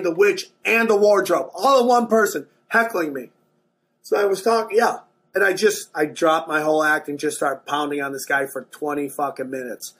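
A man doing stand-up comedy, telling a wild story with lots of swearing, jumping into excited outbursts. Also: husky. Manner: animated, swearing, jumps into excited high outbursts.

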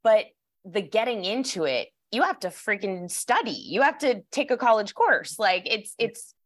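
A woman's voice: medium pitch, lively intonation, normal speed. A woman hosting a podcast in casual chat, talking with enthusiasm and lots of fillers. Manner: chatty, enthusiastic, many fillers. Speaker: podcast host.

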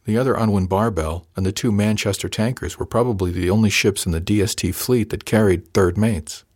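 A man reading a science fiction audiobook in first person, with an even, steady storytelling delivery. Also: on the low side, a little fast. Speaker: audiobook podcast narrator.

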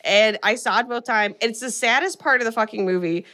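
A woman co-hosting a podcast, recapping a film in a chatty, animated way and swearing freely. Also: a little high, brisk. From California. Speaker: podcast co-host. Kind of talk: casual chat recapping a film.

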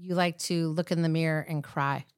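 A woman's voice: low-pitched, steady tone, normal speed, smooth, no room sound. A woman in casual family chat, reassuring and chatty, laughing along with the others.

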